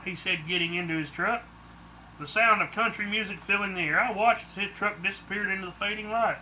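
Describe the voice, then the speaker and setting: A man's voice: sits high, fairly quick, sharp tone, a little hiss or hum. A man narrating his own book in the first person, plain audiobook storytelling.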